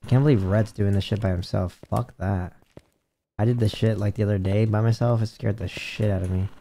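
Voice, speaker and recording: A young man streaming a ghost-hunting game, chatting casually, excitable and swearing often. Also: lowish voice, brisk, slight background noise. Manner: excitable, swears a lot, jumpy. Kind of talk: casual gaming stream chat.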